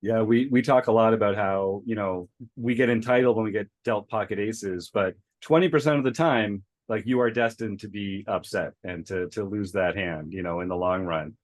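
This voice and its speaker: A man's voice: lowish voice, moderate pace, hardly any pauses, no echo. A man hosting a poker podcast, reflecting casually with a lot of fillers. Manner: reflective, uses many fillers. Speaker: podcast host. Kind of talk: casual interview chat.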